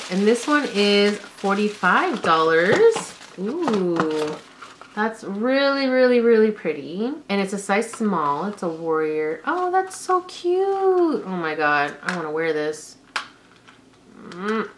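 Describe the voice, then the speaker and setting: A young woman vlogger from Canada chatting casually through an unboxing, gushing and exclaiming over each item. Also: medium pitch. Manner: gushing, excitable, lots of gasps and exclamations.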